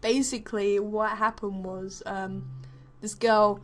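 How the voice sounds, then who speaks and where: A woman's voice: mid-range voice, little pitch movement, takes it slowly. A young woman chatting over her gameplay, telling a story as she goes. She rambles and swears freely, leaning on plenty of fillers. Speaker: gaming vlogger.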